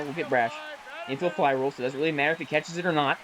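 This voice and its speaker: A man casually calling the plays of a baseball video game he is playing, chatty and self-correcting, with bursts of excitement on big plays. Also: fairly high pitch, very fast, over music, poor audio. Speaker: gaming YouTuber. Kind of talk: casual play-by-play while gaming.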